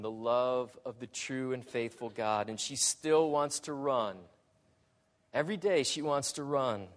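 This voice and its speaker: A man preaching a sermon in slow, deliberate phrases that swell dramatically and then drop quiet. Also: mid-range voice, long reverb tail.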